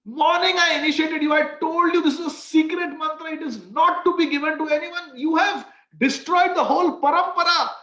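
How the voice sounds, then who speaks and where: A man voicing a furious elderly male guru who shouts and scolds a disciple. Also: very high voice, steady tone, a little fast, hardly any pauses, voice pushed up. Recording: echoey, dull sound.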